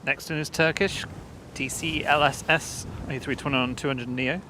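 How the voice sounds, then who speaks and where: Host, man with a bright, forward voice, chatty and laughing, outdoor live stream with light noise. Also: mid-range voice, fairly even intonation, moderate pace. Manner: chatty, laughs often, reads out viewer messages. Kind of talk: casual live commentary. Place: outdoors at an airport.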